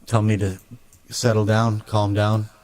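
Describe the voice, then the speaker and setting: A man's voice: lowish voice, level tone, measured pace, a little mellow. A man speaking a blunt, emphatic ranting monologue to his viewer as a video creator.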